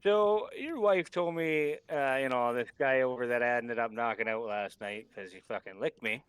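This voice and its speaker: A man's voice: medium pitch, normal speed, smooth, dry recording. A man playing his character in a tabletop game, casual and chatty. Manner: casual, laughs a lot. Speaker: player.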